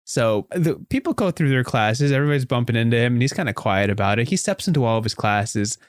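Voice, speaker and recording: A man hosting a podcast, improvising a story aloud in an animated way with frequent restarts. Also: mid-range voice, fast, no room sound, studio quality. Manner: animated, with many restarts and fillers. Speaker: podcast host.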